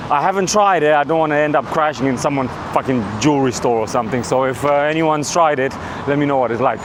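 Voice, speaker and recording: A travel vlogger from Romania films a casual walking vlog outdoors on city streets, rambling, joking, and occasionally swearing. His voice is on the high side, he talks fast, and the background is noisy.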